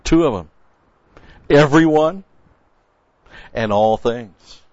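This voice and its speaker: A man's voice: mid-range voice, a little slow, dry recording. Emphatic man teaching a sermon. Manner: emphatic, repeats key words for stress; explains original-language grammar. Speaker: Bible teacher. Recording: dull, dry lo-fi recording.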